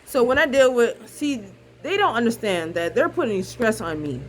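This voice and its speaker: A woman's voice: fairly high pitch, expressive, normal speed, a little hiss or hum, rough recording. Frustrated young mother venting bluntly. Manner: frustrated, repetitive, blunt, swears freely. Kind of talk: emotional casual monologue.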